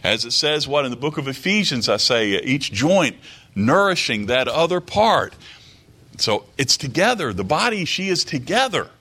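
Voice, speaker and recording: A man's voice: mid-range voice, sing-song, moderate pace, sharp tone. A man preaching a sermon, emphatic, repeating key phrases and quoting scripture aloud. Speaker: pastor.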